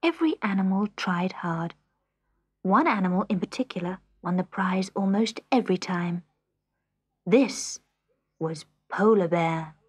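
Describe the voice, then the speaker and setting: A woman reading a children's story aloud, gentle and measured. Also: medium pitch, lively intonation, slightly rough. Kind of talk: read-aloud storybook narration.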